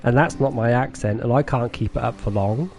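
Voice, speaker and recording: Gravelly Norfolk-accented man streaming games. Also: medium pitch, brisk, darkish tone, a little hiss or hum. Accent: Norfolk English. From England. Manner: chatty, self-deprecating, laughs often. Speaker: game streamer. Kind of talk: casual live-stream chat with viewers.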